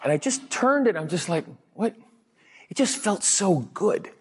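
A man giving a conversational sermon as a guest preacher, telling chatty anecdotes and quoting people in lively voices. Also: high-pitched, moderate pace, slight background noise.

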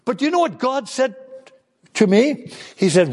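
A man's voice: very high-pitched, a little slow, long reverb tail. An older man preaching a children's sermon, telling stories and acting out voices. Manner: animated storytelling, acting out voices.

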